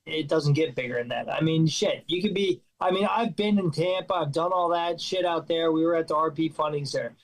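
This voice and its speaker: A man's voice: fairly high pitch, a little fast, hardly any pauses, low-quality recording. A man, a fighter guest on a podcast, talking bluntly and swearing freely. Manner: blunt, profane and brash. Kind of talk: casual chat.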